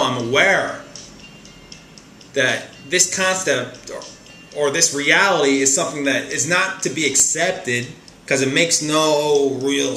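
Seated on a chair in a room at home, a man hosts a casual spiritual monologue, emphatic and repetitive, often stumbling and restarting. His medium-pitched voice has a sharp tone, and the recording is reverberant with a little hiss or hum.

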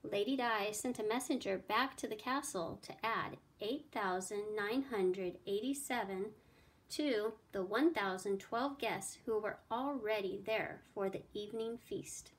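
A woman teacher reading a children's math story aloud with clear, expressive storytelling. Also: medium pitch, measured pace.

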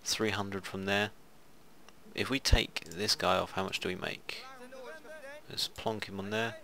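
A man's voice: low voice, level tone, a little slow, gravelly, pushed and bright. A man giving rambling, casual commentary while playing a strategy game. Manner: rambling, muttering asides to himself. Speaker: gaming video host. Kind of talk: casual let's play commentary.

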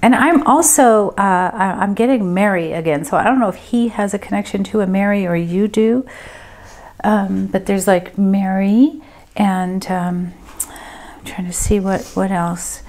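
A woman gives a medium's reading to a group, talking casually and haltingly as she thinks aloud. Her voice sits at a middle pitch. She fills her pauses with fillers as she goes. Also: a little mellow. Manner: hesitant, thinking aloud with many ums.

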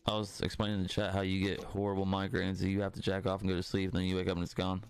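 Young male gamer on a headset, lowish gravelly voice, cussing and ribbing his friends. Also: completely flat delivery, very fast. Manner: profane, joking, rambling. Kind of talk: casual party-chat banter.

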